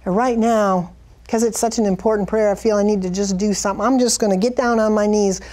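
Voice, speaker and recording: A middle-aged woman giving an impassioned Christian testimony and prayer, fervent and pleading, her voice climbing high when she cries out. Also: fairly even intonation, fast talker, dark tone. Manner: fervent, pleading, rises high on cried-out lines. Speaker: Christian speaker sharing a vision.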